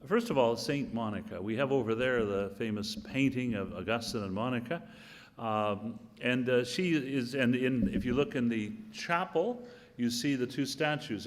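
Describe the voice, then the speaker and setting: An older man, a cardinal, giving informal opening remarks, reflective with dry humorous asides. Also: mid-range voice. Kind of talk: informal spoken address. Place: church hall or chapel setting. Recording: long hall reverb.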